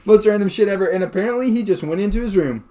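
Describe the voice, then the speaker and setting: A man's voice: high-pitched, very fast. A young man co-hosting a podcast in casual chat, telling stories with lots of swearing and frequent laughter. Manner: swears a lot, laughs often, animated storytelling. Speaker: podcast co-host.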